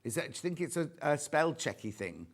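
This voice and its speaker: A chatty English man hosts a live shopping broadcast from a studio. His voice sits a little high and swings widely as he jokes and reads out viewer messages. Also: very animated, a little fast. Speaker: shopping channel presenter. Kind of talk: live home shopping chat.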